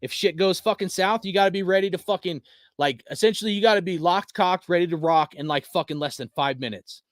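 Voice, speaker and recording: A man's voice: sits high, a little fast, no echo, studio quality. A man hosting a fan channel, ranting in a casual, heated and profane way, with many restarts. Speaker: sports fan channel host.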